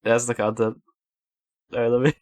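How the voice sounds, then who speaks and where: A man's voice: mid-range voice, flat delivery, moderate pace, darkish tone, dry recording. A man streaming a game, reacting casually and laughing at a clip.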